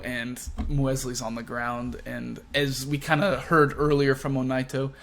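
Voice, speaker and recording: Male host, chatty comic discussion, average pitch, lots of "you know". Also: slight background noise. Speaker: video host. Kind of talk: casual chat about comics.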